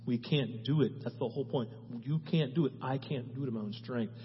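A male pastor preaching a sermon and then praying, moving between loud, urgent exhortation and hushed, earnest prayer. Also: medium pitch, brisk, slight background noise. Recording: muffled sound in a reverberant hall with faint music.

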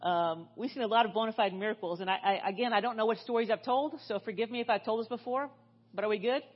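A woman's voice: fairly high pitch, quick pace, lo-fi sound. A middle-aged woman giving a sermon in a church, telling stories in a chatty way full of fillers and restarts. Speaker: guest speaker. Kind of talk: storytelling sermon.

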